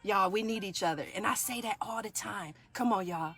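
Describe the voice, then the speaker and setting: Woman, 40s, yoga teacher, bright preachy motivational energy. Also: mid-range voice, brisk, breathy edge, faint music behind. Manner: fired-up, preachy, keeps asking "do y'all hear me". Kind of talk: motivational live talk.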